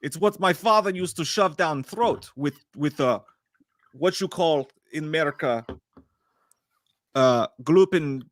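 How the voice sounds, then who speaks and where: A man putting on a comic mock Russian accent, with broken grammar and a deadpan delivery. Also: on the high side, a little slow, dry recording, close to an everyday voice. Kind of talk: casual podcast banter.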